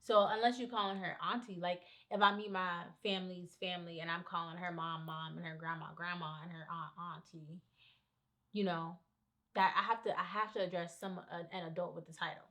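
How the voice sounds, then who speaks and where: A woman's voice: fairly low pitch, steady tone, brisk, fairly bright tone. A young woman co-hosting a podcast, who explains her points firmly and step by step in casual chat. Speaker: podcast co-host.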